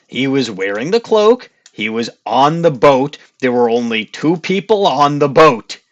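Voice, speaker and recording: A man's voice: medium pitch, a little slow, muffled recording. Sarcastic man voicing a game playthrough. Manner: sarcastic, deadpan. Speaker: host. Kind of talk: comedic game playthrough voice-over.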